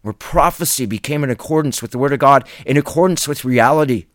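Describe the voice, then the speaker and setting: An earnest man preaching in a solo Bible teaching video, insistent and firm in his delivery. His voice sits at an ordinary male pitch. The recording is dry and close, with no room sound. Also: quick pace, fairly bright tone, no room sound.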